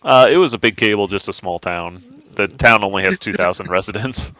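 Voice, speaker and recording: A man hosting a podcast who recaps a news story with halting restarts. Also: lowish voice, pushed and bright, dry recording, rough recording. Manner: halting, many filler restarts. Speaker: podcast host reading news. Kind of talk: casual news banter.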